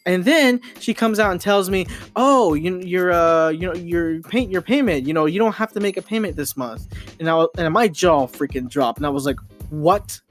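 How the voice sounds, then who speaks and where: A young man with a high-pitched voice, speaking at normal speed, hosts a casual podcast from his home microphone. He rambles through a frustrating story with many fillers and restarts while soft music plays in the background.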